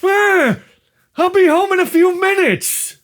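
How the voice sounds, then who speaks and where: This is a flighty, unbothered wife, as her husband puts her on: a middle-aged woman who answers from far away with a squeaky, drawn-out drawl. Her voice sits very high and loose. She stretches each word lazily and waves off any worry. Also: a bit bright, exaggerated voice. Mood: airy, unbothered.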